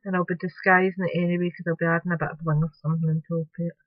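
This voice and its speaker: A woman's voice: on the low side, flat delivery, racing. A Scottish woman chats her way through a crafting tutorial at her home table, explaining each small step and apologising in asides. The sound is dull and muffled at the top. The room adds no echo at all. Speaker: crafting vlogger. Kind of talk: casual craft tutorial narration. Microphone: camera close-up. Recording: dull, dry home recording.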